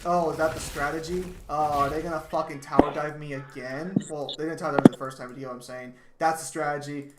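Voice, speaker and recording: A man rants his way through a video game match, swearing constantly and now and then breaking into a yell. His voice sits slightly high. The recording is echoey, with steady background noise. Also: quick pace, hardly any pauses. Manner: frustrated, sweary, ranting, bursts into yelling. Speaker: gamer streaming a match. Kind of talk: live gameplay commentary.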